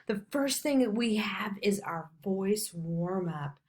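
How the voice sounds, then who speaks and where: A woman's voice: mid-range voice, lively intonation, slow pace. A woman teaching an online children's music lesson in an upbeat, encouraging way.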